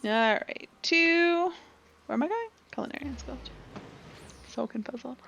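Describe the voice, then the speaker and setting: A woman's voice: high voice, lively intonation, normal speed, vocal fry, fairly bright tone, slight background noise. A young woman streaming a game, chatty and playful, talking to her cat, recorded on a desk mic with dull lo-fi audio. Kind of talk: casual game stream chat.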